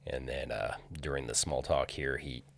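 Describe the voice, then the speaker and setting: Very deep gravelly-voiced man. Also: steady tone, moderate pace. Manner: hesitant, many fillers and restarts. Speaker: filming location researcher. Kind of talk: casual screen-share walkthrough.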